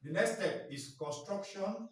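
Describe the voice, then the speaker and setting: A man with a high-pitched, animated voice, speaking a little slowly, trains teachers in phonics. He quizzes the class, repeatedly asking "what?" and waiting for answers, recorded in an echoey room with the mic far off.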